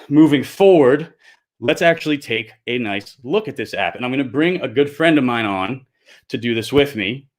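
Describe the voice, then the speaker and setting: A man, co-founder of a project, hosting a live stream and talking earnestly, growing heated and insistent, with frequent restarts. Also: mid-range voice. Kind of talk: unscripted livestream monologue.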